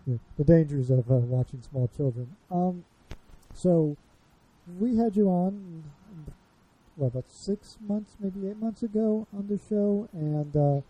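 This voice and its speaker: A man's voice: high-pitched, measured pace, warm tone, husky, poor audio. A man in his thirties with a Chicago accent, hosting a casual podcast chat, rambling and self-deprecating as he fumbles with his notes. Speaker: podcast host.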